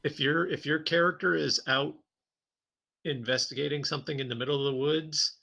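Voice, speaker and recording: A man co-hosting a podcast, chatting casually about tabletop games and telling lively stories with frequent laughs. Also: on the high side, normal speed, creaky. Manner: animated storytelling, laughs often. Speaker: podcast co-host.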